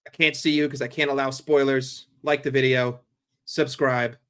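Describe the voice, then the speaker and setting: Excitable, foul-mouthed New man. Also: mid-range voice, moderate pace, smooth. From New York. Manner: profane, sarcastic and excitable, swinging from grumbling to yelling. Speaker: streamer hosting a football watchalong. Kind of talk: live football commentary.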